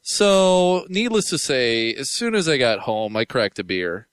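A man's voice: medium pitch, very animated, measured pace, fairly bright tone, clean tone, no echo. A man co-hosting a podcast, chatting casually and telling stories with frequent laughter. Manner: chatty storyteller, laughing often. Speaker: podcast co-host.

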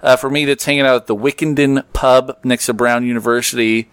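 A man's voice: medium pitch, fairly even intonation, a little fast, a bit bright, smooth, no room sound. A man hosting a podcast, chatting casually, joking and reading out listener messages. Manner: loose, joking, laughs easily. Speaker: podcast host.

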